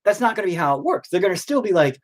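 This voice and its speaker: A man ranting in a rambling, stop-start monologue, swearing freely. His voice is husky and very animated, rising and dipping as he goes. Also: sits high, very fast. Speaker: vlogger.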